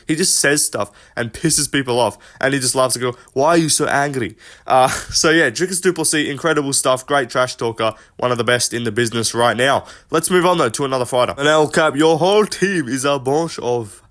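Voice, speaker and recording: Man, casual commentary, profane, filler-heavy, mid-pitched voice. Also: fairly bright tone. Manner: loose and profane, full of fillers. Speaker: MMA commentary YouTuber.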